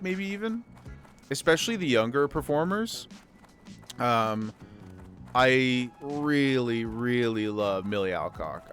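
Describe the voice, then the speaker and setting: A man streaming casually, chatting loosely and getting excited, swearing freely and repeating himself. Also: mid-range voice. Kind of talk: casual livestream chat.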